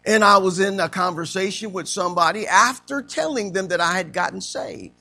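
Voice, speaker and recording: Male preacher with a bright, gravelly tone, teaching interactively and emphatically. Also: sits high, brisk, faint music behind. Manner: asks the room questions and acts out stories. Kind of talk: interactive sermon.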